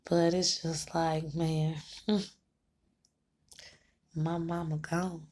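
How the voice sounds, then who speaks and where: Speaking very slowly in a low, level, darkish voice, a tarot-reading vlogger gets personal on camera. She's frank and chatty, curses freely, and laughs between thoughts, with slight background noise behind her.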